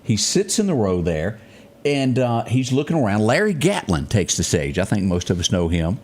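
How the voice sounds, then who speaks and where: A man hosting a radio talk show, telling stories in a lively, animated way. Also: fairly low pitch, moderate pace. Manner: animated storyteller, acts out quotes. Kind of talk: casual interview and storytelling.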